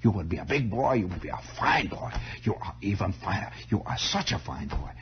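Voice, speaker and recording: A man's voice: lowish voice, very animated, fairly quick, lo-fi sound, slight background noise. A man voicing a doting, rambling elderly immigrant man with a German accent, who repeats himself and stumbles over his words. It is a 1960s radio broadcast. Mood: effusive. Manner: repetitive, effusive, stumbling.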